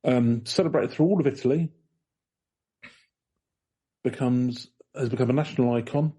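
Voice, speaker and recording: A man's voice: mid-range voice, normal speed, warm tone, slightly rough. A man co-hosting a casual podcast, reading notes aloud in a rambling way with dry jokes. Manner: rambling with fillers, dry joking. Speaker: podcast co-host.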